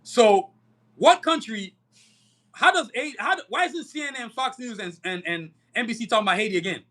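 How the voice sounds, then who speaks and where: Fiery podcast host, male, high-pitched and sharp, swears freely while preaching to his viewers. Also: lively intonation, normal speed. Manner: fiery, profane, preachy, addresses viewers as y'all. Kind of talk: live-stream commentary.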